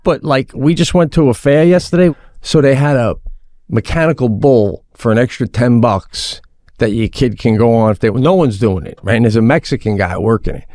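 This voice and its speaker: Lively, animated man telling stories. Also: medium pitch, no room sound, studio quality. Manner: animated storytelling, swearing. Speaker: podcast co-host. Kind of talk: casual chat.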